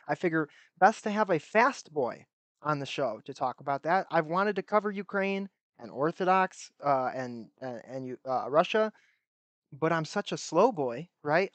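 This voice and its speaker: A man's voice: fairly high pitch, no echo. A man hosting his own livestream, chatting loosely and rambling with a self-deprecating streak. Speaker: livestream host. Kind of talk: casual livestream commentary.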